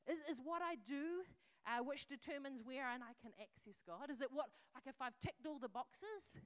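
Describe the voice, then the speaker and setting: A woman preaching with earnest, conversational warmth in a fairly high voice. She moves between talking to her listeners and reading scripture aloud like a story. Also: lively intonation, normal speed.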